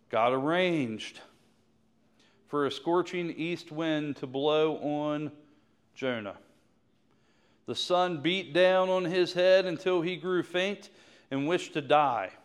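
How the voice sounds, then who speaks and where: A male pastor preaching a sermon, reading scripture slowly and laughing often as he talks. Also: fairly high pitch, smooth.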